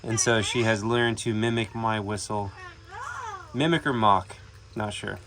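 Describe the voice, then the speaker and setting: An animal keeper vlogger chats casually to camera outdoors among animal pens and aviaries, talking affectionately to his animals. His voice is fairly low with fairly even intonation and a slightly slow pace. Outdoor noise and animal sounds fill the recording.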